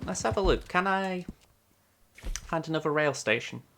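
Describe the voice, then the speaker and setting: Guy streaming a game, chatty, narrating his moves to chat, bright voice. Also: a little high, lively intonation, normal speed, gravelly, slight background noise. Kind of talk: live game-stream commentary.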